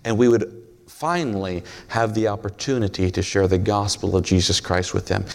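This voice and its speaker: Gravelly low-voiced man preaching folksy. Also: steady tone, moderate pace. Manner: folksy storytelling, jokes with the congregation. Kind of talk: sermon.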